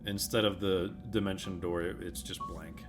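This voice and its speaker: Low-voiced male game master. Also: fairly even intonation, normal speed, over music. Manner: laid-back, many ums and laughs. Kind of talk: narrating a tabletop game.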